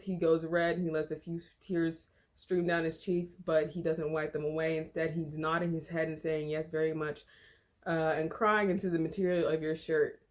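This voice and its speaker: A young woman casually reading fan fiction aloud with a friend, stumbling over the text, swearing and breaking into laughter. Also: lowish voice.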